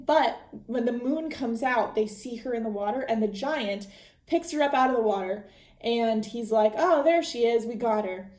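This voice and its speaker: A fairly high-voiced woman hosts a podcast and recaps a book in loose, chatty storytelling, tripping over her words and restarting often. Her voice bounces around a roomy, echoing space. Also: a little mellow. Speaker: podcast host.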